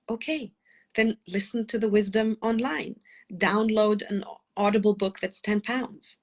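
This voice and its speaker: A middle-aged parenting coach, a former lawyer living in London, speaks passionately and at length in a podcast interview while nursing a cold. Her medium-pitched voice is steady in tone, and she talks fast and goes off on tangents.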